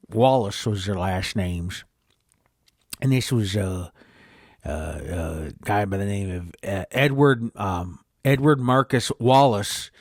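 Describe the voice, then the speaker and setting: A man's voice: on the low side, no echo, clean studio sound. A man hosting a podcast, rambling through a made-up story and often correcting himself. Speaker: podcast host.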